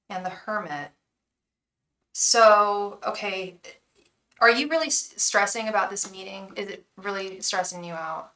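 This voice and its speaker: An American woman gives a live tarot reading in a bright, sharp voice, chatting with viewers and chanting invocations over and over. She sits a little back from the mic, so the sound sits at a slight distance. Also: mid-range voice, unhurried. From United States. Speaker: tarot reader and psychic.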